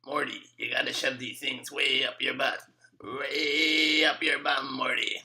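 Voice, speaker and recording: A man puts on a crude old cartoon scientist with a slurring delivery. The voice is gravelly and sharp, and it drawls out its words. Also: mid-range voice, flat delivery, a little slow, heavily acted.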